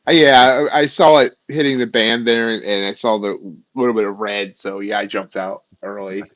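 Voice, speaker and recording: A man on a livestream, answering questions about his trades in short, halting replies. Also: fairly low pitch, fairly even intonation, a bit bright, dry recording. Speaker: livestream co-host. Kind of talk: casual trading chat.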